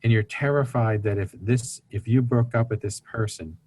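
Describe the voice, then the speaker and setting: A man's voice: medium pitch, normal speed, darkish tone, slightly rough, no room sound. A man speaking as an interview guest, explaining family dynamics in an earnest teaching tone and acting out the voices of people he quotes. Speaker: guest speaker on recovery ministry.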